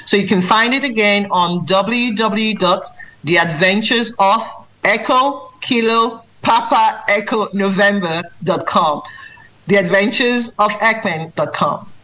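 In a low-quality recording, a woman's mid-range voice moves at a measured pace as she responds to interview questions. She writes children's books, tutors maths, and speaks with earnest emphasis, growing lively when acting out reading aloud.

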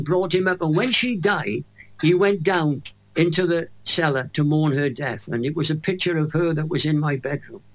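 Welsh guy in his 80s, bit higher voice, animated storyteller in an interview. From Wales. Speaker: guest.

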